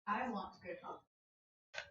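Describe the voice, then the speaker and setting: A woman playing a tabletop game, chatting in a relaxed way with short, easy replies. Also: normal speed, lo-fi sound. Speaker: player. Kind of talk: casual chat at the game table. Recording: distant echoey room mic with background noise.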